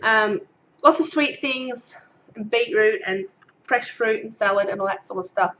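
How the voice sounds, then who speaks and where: A woman's voice: mid-range voice, moderate pace, pushed and bright, slight background noise, low-quality recording. A woman in her thirties with an Australian accent, giving a casual pregnancy update to camera, a little out of breath and getting over a cold, chatty with many ums as she reads her notes. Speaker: vlogger.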